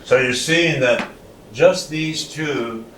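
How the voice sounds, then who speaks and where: A slow, patient man teaching a class, repeating each word for his students. His voice sounds roomy and distant in the classroom, with faint ambience behind it. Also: on the high side, fairly bright tone, slight background noise. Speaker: language teacher.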